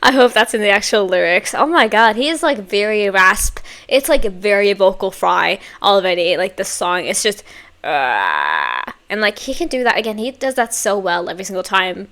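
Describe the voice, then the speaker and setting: A woman's voice: mid-range voice, big pitch swings, moderate pace, fairly bright tone. A young woman hosting a music reaction, gushing with exclamations and chatty fillers. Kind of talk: casual reaction commentary. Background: faint music playing.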